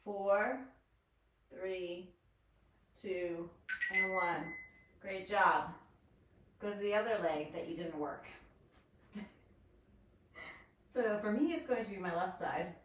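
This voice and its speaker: Woman fitness instructor, encouraging countdowns, unhurried pace, far from the mic, faint hiss. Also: medium pitch. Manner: counts down reps, upbeat and encouraging. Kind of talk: guided workout instruction. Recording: echoey room, distant mic, faint noise.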